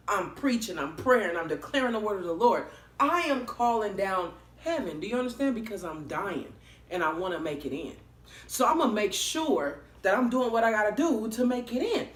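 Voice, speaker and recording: A woman vlogging from an echoey room at home spins a casual story with plenty of salty, frank language. Her pitch swoops lively and high and low, and she comes across as animated, expressive, and quick to curse.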